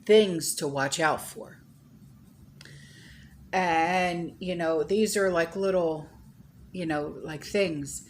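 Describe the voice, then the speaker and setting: Slow, low-voiced rambling woman vlogger. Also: slight background noise. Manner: rambling, full of "you know" and "okay?". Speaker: channel host. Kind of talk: casual chat to viewers.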